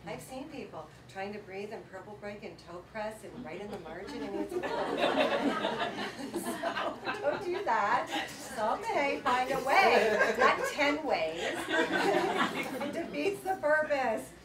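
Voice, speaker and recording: A woman giving a motivational workshop talk to a live audience, telling stories in a lively, chatty way with frequent laughter. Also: sits high, slow, a loud crowd. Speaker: workshop presenter. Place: event room with a seated audience. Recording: echoey room, voice from far off, background noise.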